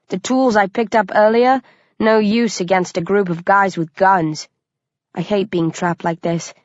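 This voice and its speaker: A woman's voice: on the low side, no room sound. A woman reading a first-person thriller audiobook, with tense, vivid storytelling. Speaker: audiobook narrator. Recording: dry, dull lo-fi recording.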